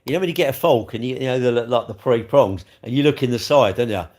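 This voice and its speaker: Brief: rambling, jokey man chatting to his live-stream viewers, mid-pitched. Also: lively intonation, fast talker, a little mellow. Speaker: livestream host reading chat. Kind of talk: casual live chat.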